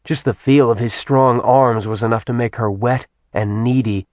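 A man narrating an audiobook in a soft, even storytelling manner. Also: medium pitch, normal speed, no room sound. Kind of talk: scripted narration.

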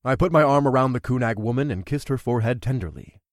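A man reads a first-person fantasy story with a wry, conversational touch. His voice sits at a middle pitch. The sound is dry and close. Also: expressive, fast talker, no room sound. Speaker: narrator. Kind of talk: first-person audiobook narration.

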